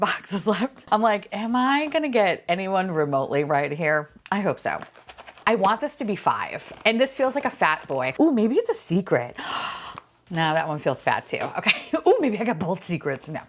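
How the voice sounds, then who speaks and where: Gushing woman with a lively voice. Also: on the low side. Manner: gushing, swearing, bursts of squealing laughter. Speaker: unboxing vlogger. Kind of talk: excited casual unboxing chat.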